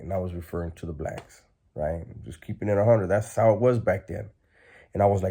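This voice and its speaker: A man's voice: on the low side, animated, normal speed, dark tone, slightly rough. A man telling a story in a casual, blunt, streetwise way, with lots of fillers.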